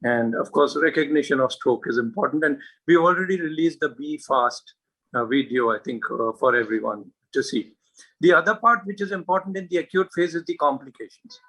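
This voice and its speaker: A man giving an earnest medical talk to colleagues, stressing points with many pauses and fillers. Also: on the high side, bright, forceful tone, slightly rough, poor audio. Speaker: stroke specialist speaker.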